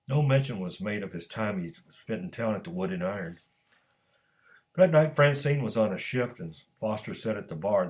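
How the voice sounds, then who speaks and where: A man reading his own fiction aloud as scripted narration, measured and steady. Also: on the low side.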